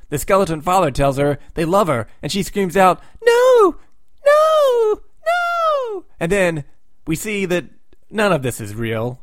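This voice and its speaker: A man's voice: on the high side, no echo, studio quality. A man hosting a comic book recap, retelling the plot with sarcastic, wry asides.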